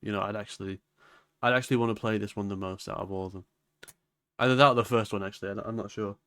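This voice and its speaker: A man's voice: fairly low pitch, steady tone, a bit bright, clear, resonant tone, no room sound. A man streaming a casual reaction to a video, chatting and swearing between clips. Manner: chatty, swears, quick interjections.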